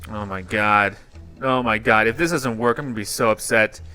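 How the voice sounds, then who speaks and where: A man hosting a reaction channel and playing a mobile game, his commentary swinging between muttered frustration and loud yelps. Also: on the low side, normal speed, soft background music. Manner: dramatic swings from muttering to yelling. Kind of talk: excitable gameplay commentary.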